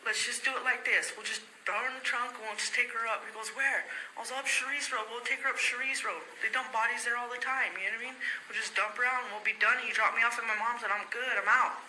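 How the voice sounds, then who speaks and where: A woman's voice: on the high side, steady tone, quick pace, hardly any pauses. Woman giving a rambly recorded statement, says "you know what i mean" nonstop, echoey old tape with lots of noise. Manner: shifts into quoted voices of others. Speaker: interviewee. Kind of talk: recorded statement, recounting events. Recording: echoey archival recording with loud background noise.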